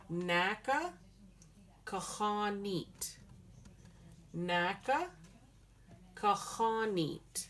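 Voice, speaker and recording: Woman language teacher, very slow and patient, lowish voice, drills words syllable by syllable. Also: a bit bright. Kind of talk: slow spoken language lesson.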